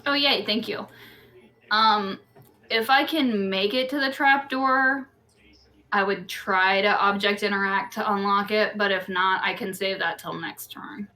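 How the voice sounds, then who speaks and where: Bright-voiced woman playing a tabletop game. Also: medium pitch, a little slow. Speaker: player. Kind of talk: casual tabletop game chat.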